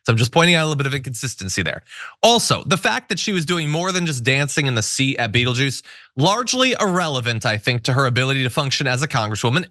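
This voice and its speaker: A man hosting a political commentary show, talking in a sarcastic, animated way. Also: mid-range voice, dry recording, studio quality. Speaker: show host.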